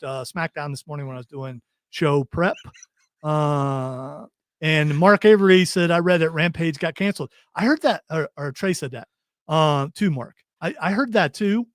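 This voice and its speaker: A man's voice: fairly high pitch, no echo, clean studio sound. A man from Ohio with a Kentucky-tinged American accent, co-hosting a show, joking around and reading viewer comments aloud. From Ohio, USA. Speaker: podcast co-host reading live chat. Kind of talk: casual banter.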